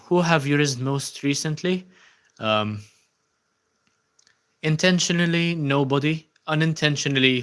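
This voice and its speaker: A young man from Malta hosting a casual livestream, reading out viewer comments with lots of ums and uhs. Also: medium pitch. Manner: relaxed, many ums and uhs, thanking viewers. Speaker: livestream host.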